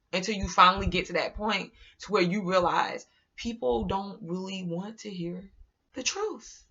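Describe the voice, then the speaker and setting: A woman vlogger talking casually to her viewers in an animated, rambling, slangy way. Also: medium pitch, muffled recording. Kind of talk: casual monologue to camera.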